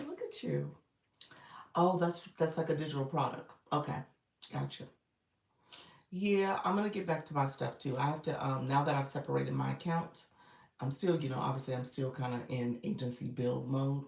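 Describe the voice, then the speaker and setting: A woman's voice: very deep voice, vocal fry, recorded from a distance. A woman coach chatting casually and encouragingly with her livestream viewers, still in her groggy morning voice. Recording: echoey room, away from the mic.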